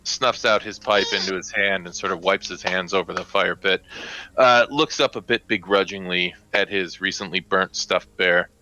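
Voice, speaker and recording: A man's voice: deep voice, steady tone, moderate pace, sharp tone, muffled recording. A man narrating a tabletop game as game master, rambling with many fillers.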